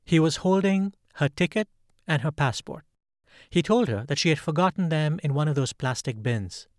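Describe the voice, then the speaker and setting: A man hosting the show, introducing and narrating a true story in calm, even scripted narration. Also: on the high side, normal speed, no room sound, clean studio sound. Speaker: host.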